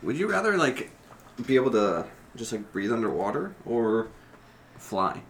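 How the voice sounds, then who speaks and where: A man's voice: mid-range voice, sing-song, normal speed, a bit bright, a little hiss or hum. A man co-hosting a podcast from a hotel room, asking questions and giggling in casual chat.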